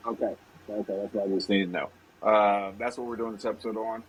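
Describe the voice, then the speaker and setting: A man's voice: on the low side, fairly even intonation, fast talker, slightly rough, rough recording. A man hosting a casual podcast over a phone, talking in a rambling, apologetic way and repeating himself. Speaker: podcast host.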